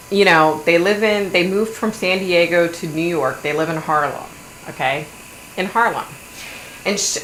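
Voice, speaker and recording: A middle-aged woman hosting a livestream, chatting in a blunt, animated way and swearing now and then. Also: on the low side. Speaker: livestream host. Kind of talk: casual gossipy chat. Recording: echoey room, faint hum.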